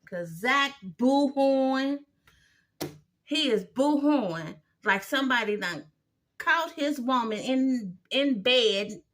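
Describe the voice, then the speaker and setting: A woman's voice: fairly high pitch, fairly bright tone. A woman giving a blunt, opinionated recap of a TV episode, exasperated and sassy as she talks it through.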